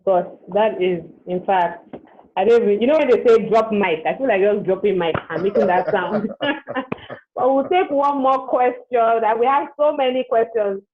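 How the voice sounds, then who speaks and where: Webinar host, female, quick encouraging affirmations, narrow phone-line audio with light background noise. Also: mid-range voice. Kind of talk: hosting an online interview. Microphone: video call.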